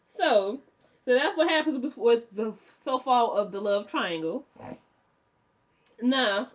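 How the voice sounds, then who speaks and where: A woman's voice: a little high, slow. Chatty young woman recapping a show. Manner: chatty and animated, mimicking characters. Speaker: TV recap vlogger. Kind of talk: casual TV episode recap. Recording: dull lo-fi recording.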